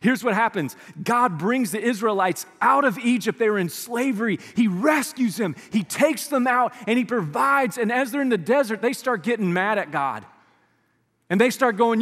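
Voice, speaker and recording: A man preaching a sermon in a church, talking conversationally and dropping to a hushed near-whisper for emphasis. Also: extremely high pitch, expressive, moderate pace. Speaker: pastor. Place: church sanctuary. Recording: long reverb of a large church hall.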